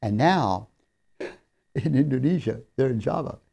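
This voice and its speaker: A man's voice: mid-range voice, lively intonation, measured pace, creaky, husky. A man giving a recorded seminary lecture, telling stories in an earnest, emphatic way. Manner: earnest storyteller, warmly emphatic on key lines.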